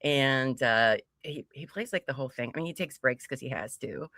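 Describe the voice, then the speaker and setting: A woman's voice: extremely low pitch, normal speed, a bit bright, no echo, studio quality. A woman co-hosting a casual livestream, greeting viewers by name with frequent giggles. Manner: bubbly, giggly, reads chat names aloud. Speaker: livestream co-host.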